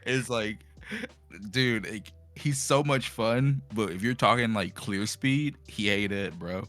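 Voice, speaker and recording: A man's voice: lowish voice, takes it slowly, fairly bright tone, faint music behind. A male streamer in a casual gaming chat over a video call, blunt and emphatic, repeating his points.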